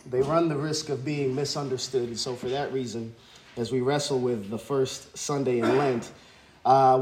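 A man's voice: mid-range voice, noisy background. A man preaching a sermon in a church, congested from allergies, reflective and questioning, with frequent restarts. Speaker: pastor. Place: church sanctuary.

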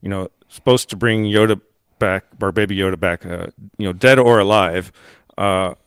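A man's voice: deep voice, steady tone, normal speed, a bit bright, clear, resonant tone, no echo. A man co-hosting a podcast in casual chat, rambling with many fillers and restarts and laughing often. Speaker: podcast co-host.

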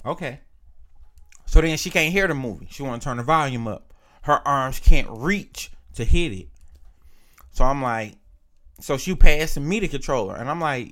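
A man's voice: medium pitch, lively intonation, normal speed, a bit bright. A young man casually telling a profane story, acting out both sides of an argument.

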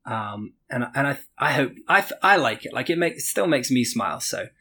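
A man's voice: mid-range voice, animated, normal speed, sharp tone, slightly rough. A man who is a game developer, speaking as a podcast guest in a loose, rambling way full of filler words. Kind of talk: casual interview.

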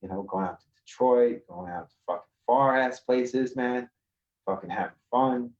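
A man from Queens, a podcast guest telling rough street stories in a swaggering, profane way over a video call. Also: mid-range voice, moderate pace, darkish tone, lo-fi sound. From Queens, New York. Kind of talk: casual storytelling.

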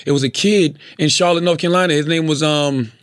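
A man hosting a casual talk podcast, animated and profane, emphatic when making a point. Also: on the high side, a little fast, no room sound, clean studio sound. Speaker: podcast host. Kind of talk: casual chat.

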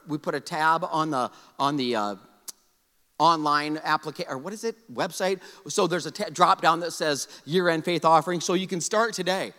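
A man preaching a sermon as a pastor in a church, energetic and joking, often calling on the congregation to answer. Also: fairly high pitch. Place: church sanctuary. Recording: long hall reverb.

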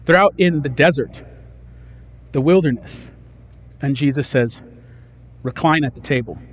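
Animated conversational preacher man. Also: mid-range voice, measured pace. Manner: conversational, animated, acts out disciples' lines. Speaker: pastor. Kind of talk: sermon.

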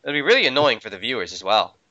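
A man's voice: medium pitch, sing-song, racing, heavy background noise. A man co-hosting a podcast, joking and bragging sarcastically with his friends. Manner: boastful, sarcastic banter. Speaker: podcast co-host. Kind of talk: casual joking chat. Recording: dull lo-fi audio.

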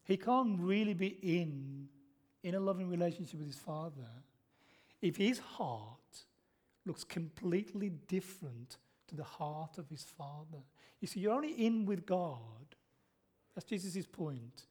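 A middle-aged pastor preaches in church, his high, slightly rough voice carrying a darkish tone and lively intonation at a somewhat slow pace. He tells stories and poses questions to the congregation, then answers them himself.

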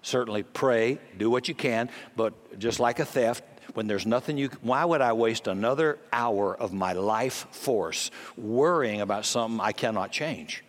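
An older man preaching a sermon in a folksy, conversational way with quick jokes, in a church hall. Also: medium pitch. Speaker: pastor.

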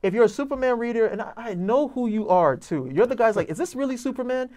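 Excitable rambling man reviewing comics. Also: high-pitched, fast. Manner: enthusiastic, rambling with many fillers. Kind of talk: casual review chat.

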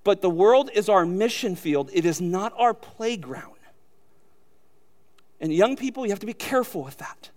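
A man preaching a sermon as a pastor, emphatic, addressing listeners directly with rhetorical questions and building to loud peaks. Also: sits high, lively intonation, moderate pace.

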